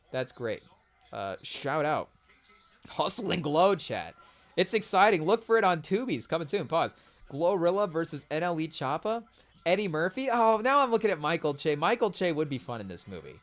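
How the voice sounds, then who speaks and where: High-voiced man rambling as a podcast host. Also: big pitch swings, normal speed. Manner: rambling, with fillers and restarts, addressing the chat. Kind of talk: casual podcast chat.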